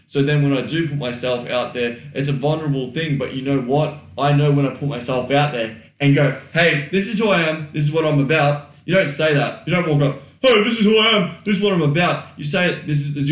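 A man's voice: mid-range voice, distant mic. A man co-hosting a podcast, giving casual advice with blunt, swear-heavy talk and acted-out inner thoughts. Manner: blunt, swears freely, acts out quoted thoughts. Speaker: podcast co-host. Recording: roomy echo, a little off mic.

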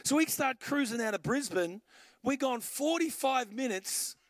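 High-voiced Australian pastor preaching. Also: male voice, lively intonation, unhurried, no echo, clean studio sound. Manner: storytelling, conversational, punchy short phrases. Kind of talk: sermon.

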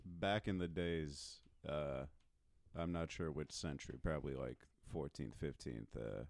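A man with a very deep voice, a podcast guest in casual chat, talking in a low-key drawl that trails off with pauses. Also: creaky, no room sound.

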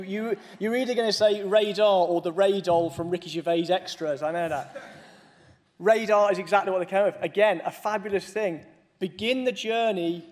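A man's voice: high voice, darkish tone. A man giving a conference keynote speech, mixing serious points with humorous asides to the audience. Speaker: conference speaker.

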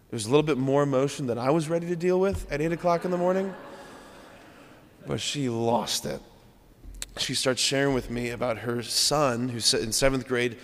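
A man's voice: mid-range voice, big-room sound. A man in his thirties, a priest giving an earnest, conversational homily and asking rhetorical questions. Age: 30s. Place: church.

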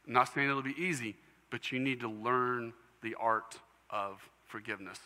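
A man delivers a sermon in an earnest storytelling manner. His voice is sharp and bright. It rings out with a long reverb, as if in a church hall. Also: medium pitch, normal speed. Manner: earnest storytelling preacher, emotional at times. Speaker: pastor.

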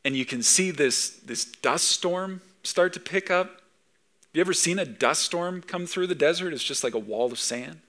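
A middle-aged man preaching a sermon in an animated, conversational way, full of rhetorical questions. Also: a little high, normal speed. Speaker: pastor.

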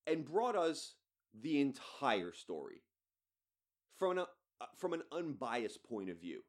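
A man's voice: mid-range voice, sing-song, a little slow. A man hosting a podcast, ranting bluntly and swearing freely. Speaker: podcast host. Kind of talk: solo podcast rant.

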